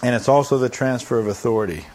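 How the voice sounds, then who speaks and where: A man's voice: medium pitch, quick pace, a little mellow. A man preaching a sermon as a pastor. He poses rhetorical questions and answers them, acts out quoted voices and adds humorous asides.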